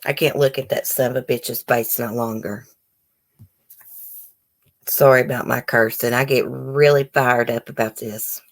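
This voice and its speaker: Speaking in a bass voice with a steady tone, a female live stream host reads news at a measured pace and pauses often. Between articles she vents heated indignation and rambles casually with the viewers watching.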